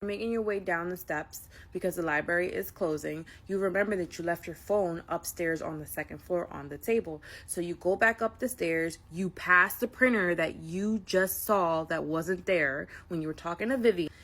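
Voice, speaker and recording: A woman's voice: fairly low pitch, moderate pace, hardly any pauses, a bit bright. A woman narrating a spooky story in the second person, in a casual, conversational way with filler words.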